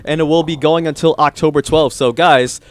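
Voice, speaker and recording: A man's voice: fairly high pitch, fairly even intonation, normal speed, no room sound. Laid-back man hosting a gaming chat. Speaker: podcast host.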